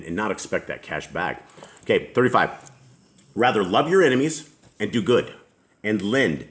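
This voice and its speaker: A man with a very deep, low voice leads a casual scripture discussion. He reads verses aloud slowly, then chats about them in an easygoing, relaxed manner. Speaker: host of a scripture study discussion.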